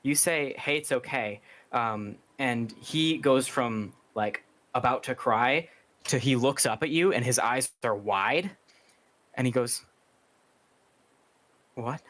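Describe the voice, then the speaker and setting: A man as game master, explaining rules and narrating in a halting, explanatory way. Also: mid-range voice, a bit bright.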